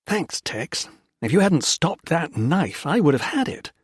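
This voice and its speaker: Male narrator as a earnest British officer, lifted pitch. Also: big pitch swings, measured pace, husky, no echo, studio quality, full character voice. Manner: earnest, urgent.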